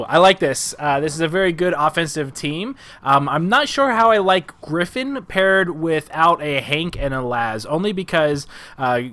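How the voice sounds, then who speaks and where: A man's voice: fairly high pitch, a bit bright. A man live-streaming and coaching a game, chatty and giggly, filling gaps with ums and uhs into a headset mic. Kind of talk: casual live-stream commentary.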